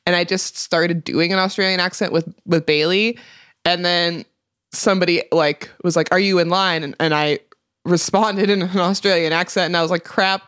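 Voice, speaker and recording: A woman's voice: on the low side, fairly even intonation, moderate pace, a bit bright, smooth, dry recording, clean studio sound. A young woman co-hosting a podcast in casual chat, giggly and playful, trailing off with fillers. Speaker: podcast co-host.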